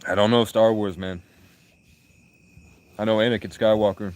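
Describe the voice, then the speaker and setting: A man's voice: lowish voice, fairly even intonation, normal speed, pauses often, a little mellow, smooth, no echo. A young man live streaming, chatting with viewers in rambling, crude, provocative banter. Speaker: livestreamer.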